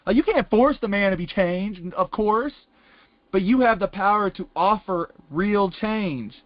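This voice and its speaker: A man's voice: high-pitched, a little slow, no echo. A man giving casual, rambling testimony in a call-in Bible class, talking in loose colloquial phrases and circling back with "it's like.". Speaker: class participant. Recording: dull lo-fi conference call line.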